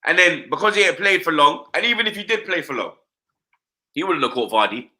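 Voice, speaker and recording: Bright-voiced ranting man. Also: on the high side, a little fast. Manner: animated slangy rant, repeats "blood" and "you understand". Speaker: football fan pundit. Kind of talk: live-stream football rant.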